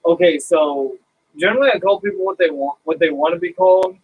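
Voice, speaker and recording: A man's voice: on the high side, fairly quick, narrow, tinny audio, a little hiss or hum. A man co-hosting a podcast, chatting casually and bluntly with asides. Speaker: podcast co-host. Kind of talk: casual chat.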